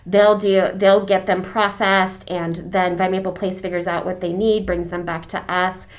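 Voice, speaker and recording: This casual podcast features a woman in charge of her church's deacons, her voice on the low side with a level tone and normal speed. Warm and effusive, she fills her talk with fillers and false starts as emotion creeps in.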